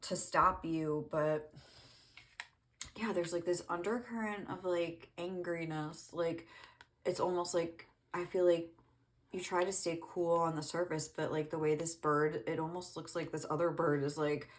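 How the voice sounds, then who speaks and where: A woman's voice: lowish voice, fairly even intonation, unhurried. A woman reading tarot cards, talking casually and rambling with many fillers. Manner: rambling, lots of "like", laughs often. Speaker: tarot reader.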